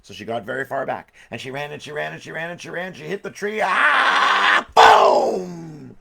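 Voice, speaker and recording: Jokey man telling stories, gravelly voice. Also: on the high side, sing-song, fast talker, fairly bright tone. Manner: jokey, rambling asides. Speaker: storyteller. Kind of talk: live-streamed storytelling for kids.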